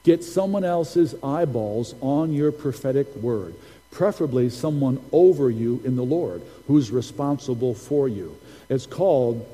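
Man preaching in a dark, echoing hall. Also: mid-range voice. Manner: storytelling, repeats key phrases for emphasis. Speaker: prophet preaching. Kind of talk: sermon.

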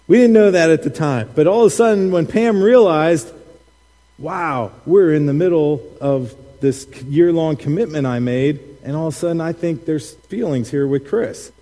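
Animated man preaching in a reverberant hall. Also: a little high, normal speed. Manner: animated, laughing storyteller acting out quotes. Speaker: pastor. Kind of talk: sermon with personal storytelling. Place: church sanctuary.

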